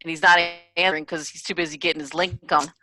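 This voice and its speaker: A woman's voice: low-pitched, fairly even intonation, fast, sharp tone. A woman co-hosting a podcast in casual, thoughtful chat. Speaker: podcast co-host.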